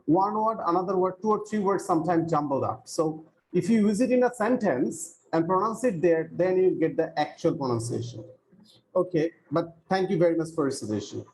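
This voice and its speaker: Male English teacher, slightly higher voice, patient explainer, online class with faint hiss. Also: fairly quick, darkish tone, rough recording. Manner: explains patiently, repeats phrases. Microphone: video call.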